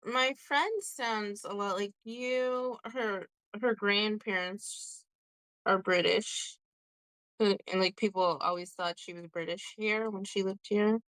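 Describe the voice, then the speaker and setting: A woman's voice: mid-range voice, takes it slowly, a bit bright, smooth, dry recording. A chatty American woman with an American accent, talking casually and laughing easily. Her voice sits mid-range, and the sound is dry and close with no room around it. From United States. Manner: chatty, giggly, many fillers. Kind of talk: casual chat.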